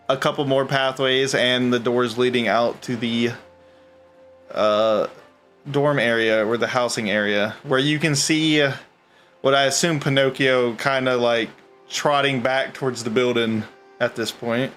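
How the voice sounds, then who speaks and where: A man's voice: mid-range voice, steady tone, unhurried, a bit bright, faint music behind. A man narrating as game master of a tabletop game, rambling with lots of fillers and laughs.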